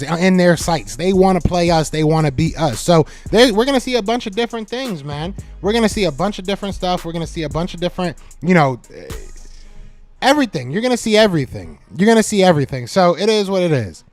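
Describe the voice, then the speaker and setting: With a fairly high pitch and no room sound, a man hosts a sports talk live stream as a podcast host. He animatedly responds to chat commenters, repeating his teasing jabs again and again.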